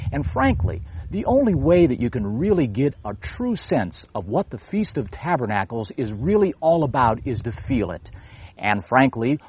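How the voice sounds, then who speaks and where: A man's voice: medium pitch, a little mellow, breathy edge. A man hosting a religious TV program, talking earnestly and at length with a few restarts. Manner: earnest, wordy, with repeated restarts. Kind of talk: broadcast religious talk with viewer appeal.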